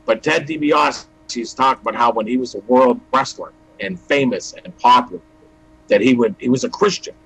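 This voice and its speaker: Husky man telling his testimony. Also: medium pitch, normal speed, a bit bright, low-quality recording. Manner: acts out dialogue with "I go, he goes". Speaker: guest giving testimony. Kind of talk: storytelling testimony.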